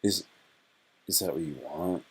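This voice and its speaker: A man's voice: lowish voice, moderate pace, husky. A man hosting his own live stream, rambling and joking in a profane, repetitive way. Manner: joking, profane, repeats himself.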